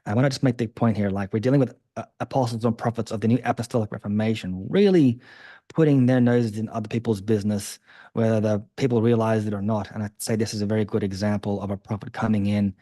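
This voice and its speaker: A man's voice: lowish voice, fairly even intonation, fast talker, mellow, no room sound, clean studio sound. A man hosting an interview, asking probing follow-up questions. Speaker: host.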